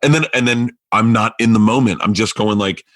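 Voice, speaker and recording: A man's voice: lowish voice, fairly quick, no room sound. A middle-aged man hosting a podcast, telling stories in a casual chat, swearing a lot and acting out what people said. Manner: animated storyteller, swears a lot, acts out quotes. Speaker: podcast host.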